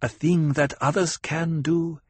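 A stern young desert woman who speaks in firm, clipped commands, as a man puts her on. The voice sits higher than a man's usual register, with a husky edge. The recording is dry and close. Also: fairly even intonation, measured pace, no room sound. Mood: commanding.

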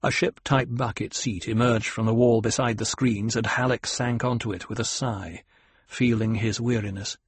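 Husky-voiced male audiobook narrator. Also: on the low side, steady tone, normal speed, no room sound. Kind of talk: scripted narration.

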